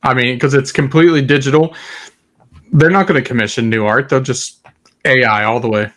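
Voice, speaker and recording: A man's voice: medium pitch, fairly even intonation, a little fast, fairly bright tone. A man in casual podcast chat, matter-of-fact, cutting in with short remarks.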